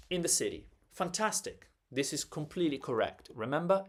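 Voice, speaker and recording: A man with an Italian accent teaching a live online Italian lesson, explaining slowly and repeating words to show where the stress falls. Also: a little high, very animated. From Italy.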